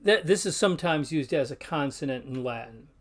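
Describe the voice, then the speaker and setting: A man's voice: on the high side, animated, brisk. Man carefully sounding out Latin words. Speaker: Latin teacher. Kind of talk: instructional video narration.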